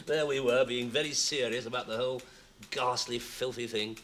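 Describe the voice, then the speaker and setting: An actor playing an ironic, self-mocking middle-aged playwright in a 1970s British TV comedy, telling stories with theatrical flair. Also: male voice, medium pitch, steady tone, normal speed, a bit bright, natural voice. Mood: wry. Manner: ironic, theatrical storytelling with laughs. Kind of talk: 1970s British TV sitcom acting. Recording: old TV sound with faint hiss.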